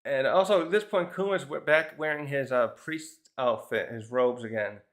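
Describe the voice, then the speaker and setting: A man's voice: medium pitch, moderate pace, a bit bright. A man casually reviewing a comic chapter, rambling through the scenes with lots of fillers and little chuckles. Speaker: manga reviewer.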